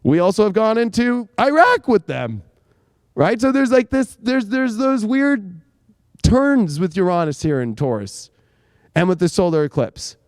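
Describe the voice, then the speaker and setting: A man's voice: high-pitched, expressive, a little slow, darkish tone, no echo. A man hosting a live astrology talk, rambling and emphatic with frequent swearing. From United States. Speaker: astrologer host.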